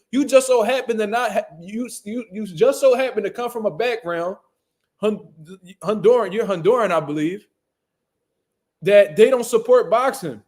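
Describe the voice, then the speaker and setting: A man's voice: high voice, darkish tone. A man hosting a casual boxing commentary show, talking bluntly with heavy slang and profanity. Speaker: boxing commentary channel host.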